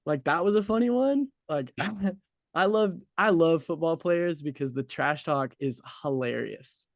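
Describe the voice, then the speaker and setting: A man's voice: a little high, expressive, a little slow, no room sound, clean studio sound. A man in his twenties interviewing a guest in a casual, chatty way, laughing easily and using lots of filler words.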